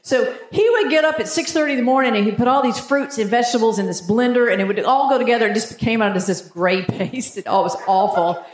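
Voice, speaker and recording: A woman in her fifties performs stand-up comedy on a theatre stage before a live audience, telling stories and acting out her family members' voices. Her pitch is fairly high and she talks quickly, barely pausing. The sound is roomy and live, with audience noise.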